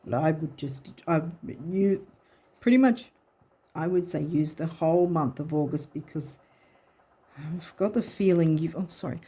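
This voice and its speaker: A woman's voice: deep voice, unhurried, mellow, breathy edge. A woman giving a casual tarot reading, chatty and encouraging, often restarting her sentences. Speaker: tarot and astrology reader.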